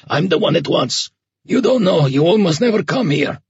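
A man voicing a desperate young man who is trapped and doomed, pleading in a hoarse, low voice. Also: expressive, moderate pace, dry recording, dull audio, exaggerated voice. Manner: pleading, frantic.

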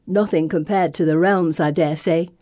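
A woman voicing a haughty young woman who mimics a pompous lady's slow, pompous drawl. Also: deep voice, fairly even intonation, mellow, no echo, clean studio sound, natural voice. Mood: dry.

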